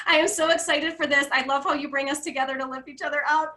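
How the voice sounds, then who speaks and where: A woman hosting a live launch call for financial coaches, bubbly and excitable, reading viewer comments aloud. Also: high-pitched, quick pace, hardly any pauses, echoey room, low-quality recording. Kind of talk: casual live-stream talk.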